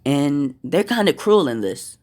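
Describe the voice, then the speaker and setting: Slow, halting fan-story narrator man. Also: a little high, big pitch swings, a little mellow. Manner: slow, halting, with fillers and restarts.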